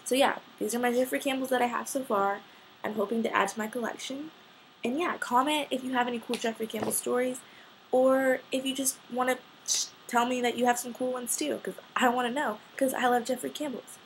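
A woman's voice: a little high, a little fast, slight background noise. Gushing young woman telling a story. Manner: excited and gushing, filler-heavy. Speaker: fashion vlogger. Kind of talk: casual storytelling vlog.

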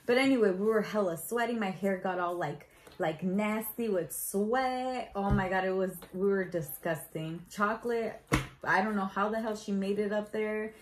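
A woman's voice: medium pitch, moderate pace, a little hiss or hum, poor audio. A young woman telling her proposal story in a casual vlog, chatty and full of "like" fillers. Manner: chatty, lots of "like" fillers, animated retelling.

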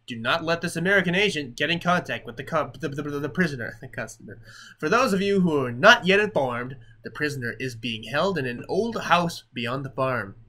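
A man's voice: fairly high pitch, sharp tone. A man voicing a stern male village chief, reading out a game note of orders in a proclaiming, commanding way.

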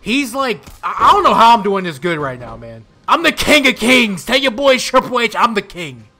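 A young man talking over a wrestling video game he is playing, mixing loud trash talk and outbursts with mumbled asides. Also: sits high, big pitch swings, normal speed. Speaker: gaming YouTuber.

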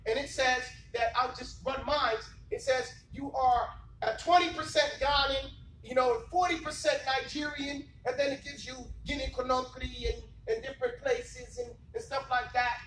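Male teacher, high voice, emphatic and preachy, recorded from far off in an echoey classroom. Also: fairly even intonation, moderate pace, a bit bright. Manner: emphatic, preachy, keeps asking the class rhetorical questions. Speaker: Islamic teacher. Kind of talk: classroom lecture. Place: classroom, indoors. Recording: echoey room from far off, faint noise.

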